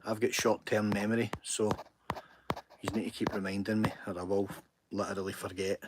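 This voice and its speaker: Heavy background noise surrounds this Scottish man as he runs a casual live stream, chatting earnestly and teasing himself. His lowish voice stays level in tone and moves fairly quickly.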